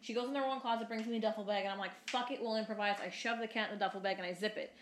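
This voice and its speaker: A young woman in her twenties tells a story at a quick clip, rambling and filler-heavy, with casual swearing. Her voice sits mid-range, and the room rings with noticeable echo. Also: medium pitch, steady tone, slight background noise. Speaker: podcast co-host. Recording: roomy echo.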